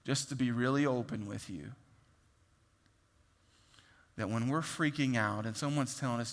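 Man preaching, animated, bright voice, long hall reverb. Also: medium pitch, moderate pace, long pauses. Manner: animated, acts out voices and swings from loud to hushed. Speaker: pastor. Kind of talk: sermon.

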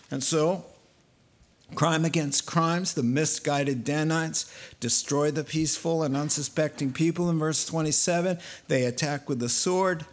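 A man preaching a sermon, telling the story in a lively way and acting out the voices he quotes. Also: a little high, a little slow. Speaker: pastor.

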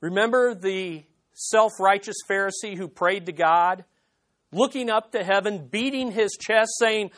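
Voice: medium pitch, measured pace, a bit bright. A pastor preaching an expository sermon, emphatic, with rhetorical questions and short laughs.

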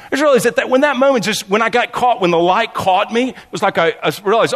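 A pastor preaches a sermon in a high-pitched, fast voice, telling stories with animated delivery. He stammers and restarts often, and he acts out the voices in his anecdotes.

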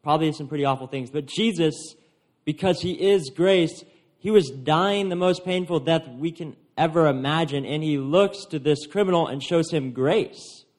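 A man's voice: a little high, moderate pace, darkish tone. Man preaching a casual sermon. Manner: conversational, retelling scripture in everyday words.

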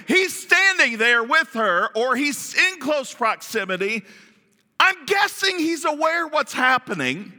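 Animated high-voiced male preacher, reverberant hall. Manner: animated, asks the audience questions, playful asides. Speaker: Bible teacher. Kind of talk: sermon-style Bible teaching.

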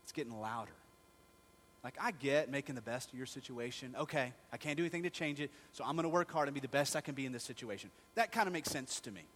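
A man's voice: medium pitch, fast, fairly bright tone, slight background noise. A male pastor preaching a sermon in a conversational storytelling manner, asking the congregation rhetorical questions.

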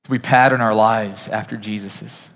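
A man preaching a sermon as pastor, earnest, naming listeners one by one, building to emphatic peaks and dropping to a soft hush. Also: fairly low pitch, steady tone, moderate pace. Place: church sanctuary. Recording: reverberant church hall.

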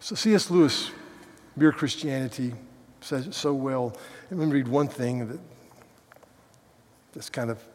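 A man preaching a sermon as a pastor, animated, going from loud sarcasm to quiet earnestness. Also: medium pitch, measured pace, long pauses. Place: large church hall. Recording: hall reverb.

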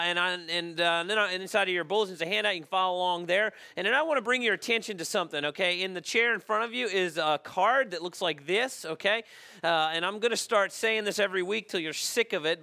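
A man's voice: high-pitched, creaky, bright, forceful tone. A male pastor, preaching a conversational sermon and often checking in with "okay?".

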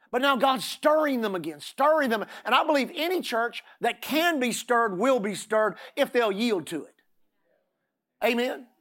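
A man's voice: high-pitched, a bit bright. A middle-aged man preaching a sermon, often repeating words and asking the congregation "Amen?".

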